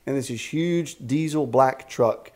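A man's voice: medium pitch, measured pace. Man in his fifties telling faith stories. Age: 50s. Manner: animated storyteller with frequent restarts and faith talk. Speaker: executive director of a ministry camp. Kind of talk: casual storytelling interview. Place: a house at a rural camp.

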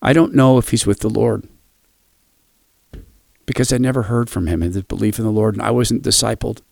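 A man with a low, somewhat gravelly voice speaks as the host of a radio devotional. He tells a personal story in a quiet, reflective way and then closes with a blessing. His voice sounds dry and close, with no room echo. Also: fairly even intonation, a little fast.

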